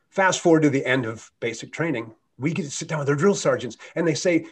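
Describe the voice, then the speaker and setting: A middle-aged man from the United States, a guest speaker telling a motivational story with earnest, animated delivery. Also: mid-range voice, fast talker, few pauses, husky. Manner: earnest, animated anecdote with shifting loudness.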